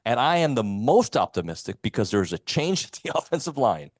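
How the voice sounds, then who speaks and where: A man's voice: mid-range voice, fairly quick, no echo, studio quality. A man co-hosting a sports radio show, talking football casually and reading live sponsor spots. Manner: animated, reads live sponsor reads. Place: radio studio.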